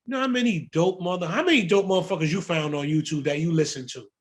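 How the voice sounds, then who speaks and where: A man from the Bronx, a music producer telling stories in a casual interview, profane, animated and full of slang. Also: fairly high pitch, quick pace. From the Bronx, New York.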